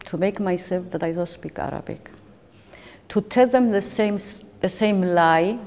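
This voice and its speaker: A woman's voice: fairly low pitch, darkish tone. Emotional woman in her fifties, reverberant hall. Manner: halting, emotional retelling with frequent restarts. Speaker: interviewee recounting a personal ordeal. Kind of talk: documentary interview testimony.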